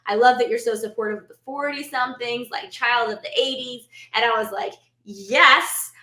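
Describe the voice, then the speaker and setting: A woman talks on a podcast with a bright, slightly raised voice. She teases her co-host playfully and tells quick stories. Her voice rings a little in the room. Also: fairly high pitch, reverberant. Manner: playful teasing, quick quips. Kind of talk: casual chat.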